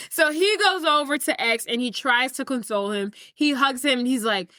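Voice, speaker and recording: A woman's voice: high voice, animated, fairly quick, hardly any pauses, bright, forceful tone, no room sound, clean studio sound. A woman podcast co-host retelling a movie scene in casual chat, acting out the characters' lines.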